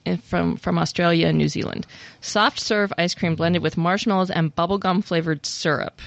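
A woman's voice: fairly low pitch, steady tone, normal speed, vocal fry, no room sound, dull audio. A woman co-hosting a casual chat, reading out items with playful asides and frequent giggles. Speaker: podcast co-host.

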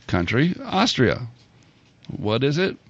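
A man co-hosting a casual chat, drawing out names and dropping wry remarks. His voice has a gravelly rasp and swings widely in pitch. The sound is dry and close, with a dull, lo-fi tone. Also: very animated, takes it slowly, dry recording. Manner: chatty, drawls out item names, wry remarks. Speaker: podcast co-host.

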